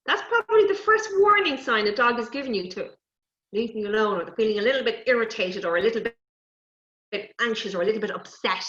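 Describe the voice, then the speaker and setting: A woman presenting a lively lesson on animal safety to young children, coaxing them and talking to toy animals. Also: a little high, fast. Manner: animated, coaxing, talks to puppets and kids. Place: indoors, recorded for an online event. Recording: dull, roomy live stream audio.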